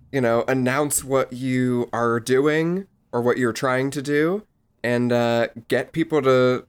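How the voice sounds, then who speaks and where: A man co-hosting a casual board game podcast, giving tips in a relaxed, hesitant way with many fillers. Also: medium pitch, smooth. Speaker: podcast co-host.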